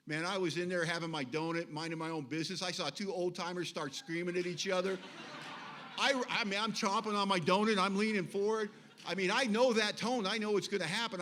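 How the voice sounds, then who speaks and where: A middle-aged man with a fairly high voice speaks at a recovery meeting. He tells his story in an animated, conversational way and acts out what others said to him. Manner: animated storytelling with acted quotes.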